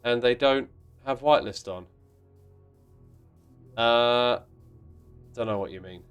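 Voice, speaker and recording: A man's voice: mid-range voice, takes it slowly, smooth, muffled recording, faint music behind. A man hosting a game livestream in casual chat, reading out viewer messages in a playful, mock-indignant way with sudden exclamations. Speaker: livestream host playing a block-building game.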